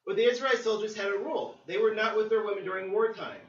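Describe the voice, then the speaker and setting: A male preacher delivering a sermon, telling the story in a lively way with acted-out quotes. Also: high-pitched, fast talker. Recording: roomy, distant, dull sermon recording.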